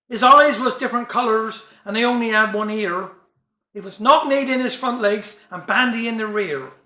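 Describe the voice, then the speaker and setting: A man's voice: very high voice, sharp tone, reverberant. A man reciting comic verse and jokes in broad dialect with a wry delivery. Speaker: storyteller.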